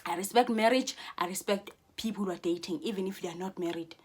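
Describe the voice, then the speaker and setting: A woman's voice: medium pitch, fast talker, darkish tone, breathy edge. Heated, profane woman ranting at viewers. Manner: heated, swearing, repeats and restarts phrases. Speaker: vlogger. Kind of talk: profane angry monologue to viewers.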